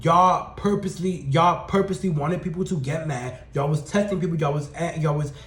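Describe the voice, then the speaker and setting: A young man with a high voice tells his story at a rapid clip, full of slang and swearing. He sounds sassy and animated. The room echoes around him. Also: a little hiss or hum. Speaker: storytime vlogger. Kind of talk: casual storytelling rant.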